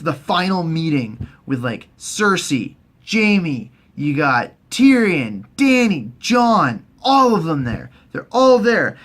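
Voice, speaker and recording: Rambling, foul-mouthed man recapping a show. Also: a bit bright. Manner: rambling, profane, jumps into squeaky put-on voices. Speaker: host. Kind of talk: casual profane TV recap.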